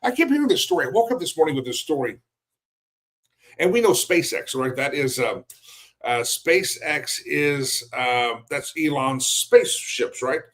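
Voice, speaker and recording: Mocking, chuckling talk show host. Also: male voice, fairly high pitch, lively intonation, a little slow, fairly bright tone, poor audio. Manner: mocking, blunt, chuckling between remarks. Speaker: host of a daily news show. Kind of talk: opinionated news commentary.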